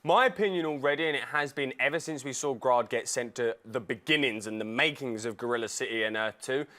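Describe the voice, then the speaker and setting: Male co-host, excitable and rambling; mid-pitched, chatty fan-show delivery. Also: brisk. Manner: excitable, rambling, laughs often. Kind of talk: casual fan-show chat.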